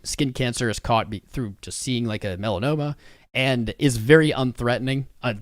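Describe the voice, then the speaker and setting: A man's voice: mid-range voice, no echo, clean studio sound. A man hosting a live stream, chatting casually with viewers in a rambling, frank, joking way. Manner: rambling, talks to chat viewers.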